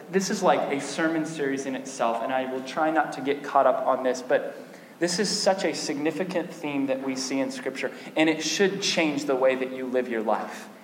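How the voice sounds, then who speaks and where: A man preaching a sermon in an animated way, with repeated restarts and sudden bursts of emphasis. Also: a little high, a little hiss or hum. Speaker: pastor. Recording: echoey hall with long reverb.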